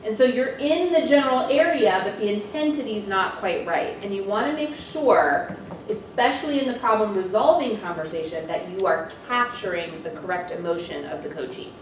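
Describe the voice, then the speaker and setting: A woman co-teaches a coaching class, laying out ideas step by step and thinking aloud. Her voice sits at an ordinary pitch. It comes from far away in a very echoey room with faint noise underneath. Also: normal speed. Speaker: co-facilitator. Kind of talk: classroom instruction.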